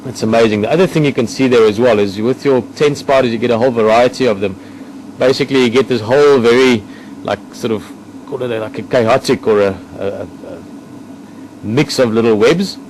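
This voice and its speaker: Casting note: man, mid-pitched, field guide talking through a find outdoors, pausing to search for words, steady noise behind him. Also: low-quality recording. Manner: thoughtful, hesitant, explaining as he looks. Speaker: nature guide. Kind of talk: casual on-location nature commentary. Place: outdoors in the bush near a vehicle.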